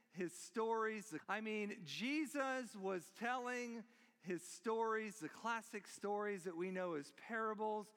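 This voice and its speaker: High-voiced, bright pastor preaching in a church. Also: male voice, clear, resonant tone. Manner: storytelling, joking asides. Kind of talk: sermon. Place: church sanctuary. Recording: long reverb of a church hall.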